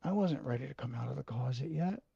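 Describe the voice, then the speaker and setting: A man telling a personal story in a halting, emotional way, swearing freely. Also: mid-range voice, animated, creaky, mellow, slightly rough, no room sound, dull audio. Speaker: video host.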